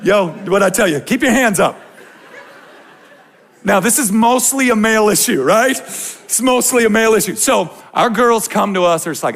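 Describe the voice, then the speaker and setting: A male pastor preaching a sermon to his congregation, swinging from hushed to shouting and slipping in joking asides. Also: high voice, lively intonation, normal speed.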